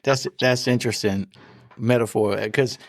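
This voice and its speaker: A man's voice: mid-range voice, steady tone, normal speed, no room sound, clean studio sound. A man who is a military officer, a guest in a casual conversation, thinking aloud in a reflective way.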